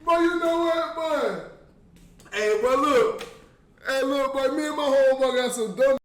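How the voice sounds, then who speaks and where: A man putting on the voice of a loud, goofy young man who keeps repeating "boy" as he hypes up his homeboy. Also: extremely high pitch, measured pace, roomy sound, pitched above the performer's own voice. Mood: boisterous. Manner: boisterous, repeats 'boy' constantly.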